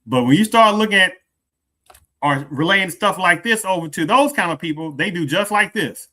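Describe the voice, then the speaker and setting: A man hosting an opinionated commentary show, talking emphatically, repeating phrases and drawing out stressed words, swinging from loud to hushed. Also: high-pitched, lively intonation, moderate pace. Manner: emphatic, repeats phrases, asks "do you understand".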